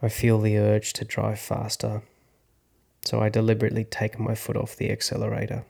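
A man in his thirties, an actor hosting a podcast, telling a personal story in a slow, reflective, hushed way. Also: on the low side, monotone, creaky, breathy edge. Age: 30s. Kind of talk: first-person storytelling narration.

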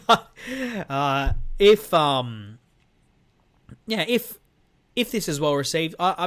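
A male podcast host wraps up his show from a room at home, loose and conversational. He trails off into ums and starts sentences over, with a voice at a middle pitch for a man. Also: fairly bright tone. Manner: rambling, with frequent ums and restarts. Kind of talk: casual solo podcast sign-off.

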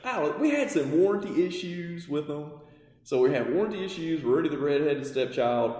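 A man telling lively business stories as a podcast guest, acting out the dialogue. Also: on the high side, fairly quick. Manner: animated storyteller, acts out dialogue, laughs often. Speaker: guest, parts company owner. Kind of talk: casual storytelling in a podcast interview. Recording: roomy with long reverb.

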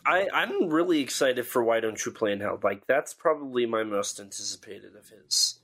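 A man's voice: medium pitch, animated, normal speed, fairly bright tone. Tired podcast guy rambling along, lots of likes and ums. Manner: rambling, lots of fillers and restarts. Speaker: podcast co-host. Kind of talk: casual chat.

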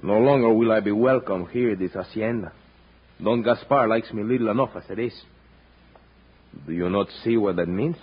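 An actor playing a scheming young bandit captain in a 1950s radio drama. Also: male voice, fairly low pitch, moderate pace, breathy edge. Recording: dull lo-fi old radio recording with faint hiss.

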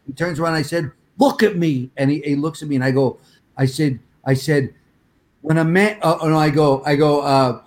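Excitable swearing man telling a story. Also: on the high side, brisk. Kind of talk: casual storytelling chat.

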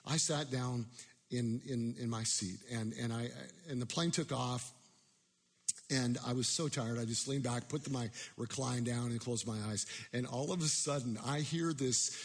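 A man's voice: mid-range voice, moderate pace, slightly rough, big-room sound. A man preaching a sermon, telling a personal story in a self-deprecating way with many restarts.

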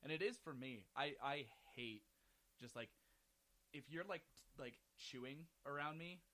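This is a young man co-hosting a chatty podcast, and he sounds animated. His talk is loose, and he breaks into laughter often and drops sentences halfway. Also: a little high, a little slow. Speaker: podcast co-host. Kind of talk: casual chat.

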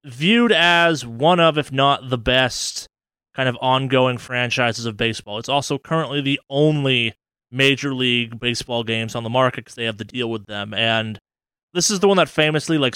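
This podcast co-host, a man with a smooth, clean, medium-pitched voice, is recorded close and dry with no echo or room sound. He rambles enthusiastically and loosely through gaming news, swearing freely along the way.

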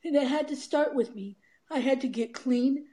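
An author and speaker appears as an interview guest, telling a candid story about her life, laughing often and acting out quoted voices. She speaks at a moderate pace in a high, mellow voice, and the audio is poor.

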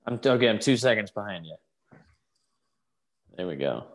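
A man's voice: fairly low pitch, animated, moderate pace. A man co-hosting a podcast, chatting loosely and cursing often as he watches along. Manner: loose, profane, jokey. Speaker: podcast co-host. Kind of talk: casual watch-along chat.

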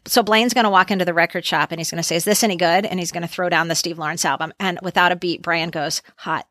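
A woman's voice: fairly low pitch, fairly even intonation, quick pace, a bit bright, no echo, clean studio sound. A woman in her fifties co-hosting a podcast, chatting with enthusiasm and quoting lines. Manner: enthusiastic, quotes film lines in voices. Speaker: podcast co-host. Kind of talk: casual chat.

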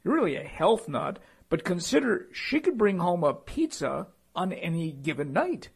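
A male interview host poses his questions in a conversational way. His voice sits a little high and swings widely in pitch. It has a gravelly, husky texture throughout. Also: big pitch swings, moderate pace.

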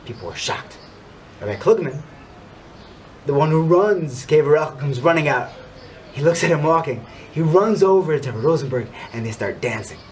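A man giving a storytelling Torah talk in a somewhat high voice. He swings between hushed, low narration and rising exhortation. There is faint noise in the background. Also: animated, normal speed. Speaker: Torah speaker.

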